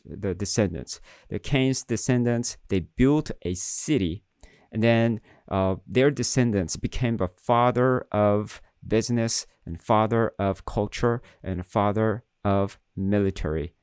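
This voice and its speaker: Man preaching a plain, halting sermon. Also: medium pitch, a little mellow, no echo, studio quality. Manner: preaching with restarts and short repeated phrases, non-native phrasing. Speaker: pastor.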